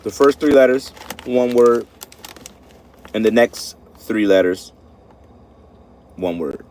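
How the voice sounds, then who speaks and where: A man's voice: medium pitch, slow pace, darkish tone, slight background noise. Chatty man streaming from his car. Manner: chatty, laughs often, answers viewer comments. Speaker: livestream host. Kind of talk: casual live chat with viewers. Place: parked car at a store pickup.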